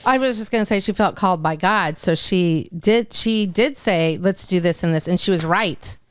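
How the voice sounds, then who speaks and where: A woman's voice: fairly low pitch, normal speed. A woman co-hosting a podcast, telling stories in casual chat and laughing often. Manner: chatty storyteller, laughs often.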